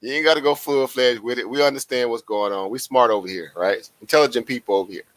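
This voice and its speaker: A man chats to his livestream viewers. His voice is bright and forceful, and he is animated and preachy, repeating his phrases. The sound is dry and close. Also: mid-range voice, fast talker, no echo. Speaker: livestream host. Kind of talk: casual livestream chat.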